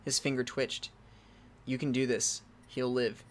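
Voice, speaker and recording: A man's voice: medium pitch, little pitch movement, a little slow, a little hiss or hum. Man reading a text adventure aloud. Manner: reads game text aloud, then breaks off into loud startled exclamations. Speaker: let's-play gamer reading a text game aloud.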